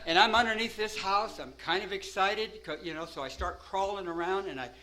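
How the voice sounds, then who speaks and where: A man's voice: sits high, a little fast, sharp tone, slight background noise, poor audio. A man telling a rambling first-person story, peppering it with "you know" and "man" and laughing at himself.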